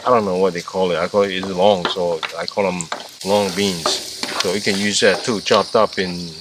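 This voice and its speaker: A man's voice: sits low, level tone, normal speed. A man vlogging casually while cooking outdoors at a campground, rambling and restarting his sentences, sometimes stepping away from the camera. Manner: rambling, chatty, trails off and restarts. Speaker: camping vlogger. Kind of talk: casual vlog, cooking talk. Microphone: camera, at times several meters away. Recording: outdoor camera audio with clear insect noise.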